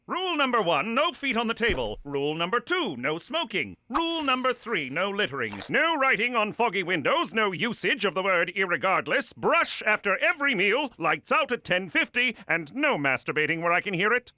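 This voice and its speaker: A man's voice: high-pitched, very animated, normal speed, hardly any pauses, pushed and bright, slight background noise, heavily acted. An actor voicing a fussy, overly proper male cartoon host who lays down strict house rules. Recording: cartoon dialogue over music.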